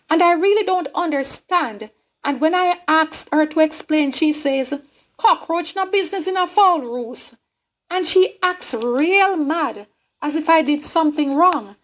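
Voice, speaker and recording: Woman, high voice, reading a story aloud, childlike and chatty girl narrator. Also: low-quality recording. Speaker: reader.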